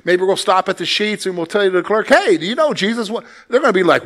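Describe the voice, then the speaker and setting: A man delivers a sermon as pastor with a high-pitched voice. He preaches emphatically, swinging between loud, rising exclamations and quiet, dropped asides. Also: sing-song, fast, hardly any pauses.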